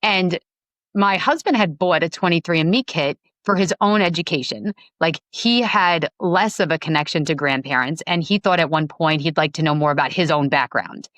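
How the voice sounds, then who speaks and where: A woman in her forties from Long Island, New York, telling her story as a podcast guest in a lively, chatty way, full of fillers. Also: low-pitched, normal speed, no echo. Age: 40s. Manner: animated, acts out quoted dialogue, many fillers. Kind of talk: casual storytelling interview.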